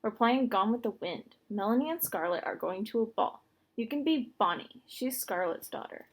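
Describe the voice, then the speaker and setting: A woman reading a storybook aloud, voicing a brisk, slightly impatient girl who is a big sister. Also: on the high side, expressive, husky. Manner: brisk, scoffing.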